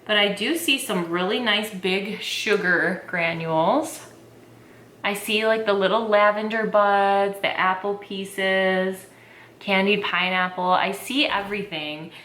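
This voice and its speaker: A young adult woman chatting excitedly to camera as a tea vlogger, filling her talk with "like". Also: mid-range voice, takes it slowly, reverberant. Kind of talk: casual chat to camera.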